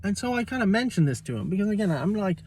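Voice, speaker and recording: Exasperated high-voiced man ranting. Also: sing-song, quick pace, a little mellow, recorded from a distance, a little hiss or hum. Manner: heated, exasperated, swears, quotes people mockingly. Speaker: vlogger. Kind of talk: casual ranting story.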